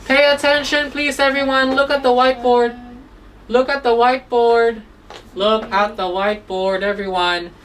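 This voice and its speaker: A woman teaching a phonics lesson to children, sounding out words slowly and asking "okay?" after nearly every line, coaxing and gently scolding. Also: on the high side, fairly even intonation, recorded from a distance, a little hiss or hum, poor audio. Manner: slow, drawn-out sounds, repeats "okay?" often; coaxing, mildly scolding when children drift.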